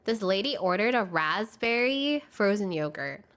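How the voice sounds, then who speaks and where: A young adult woman streamer telling work stories in casual chat, slangy and animated, often laughing and acting out the voices of people she quotes. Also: medium pitch, a little slow.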